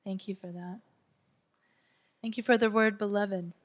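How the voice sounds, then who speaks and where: A woman in her sixties, an event host, giving slow, grateful remarks after a reading. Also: mid-range voice, steady tone, no room sound.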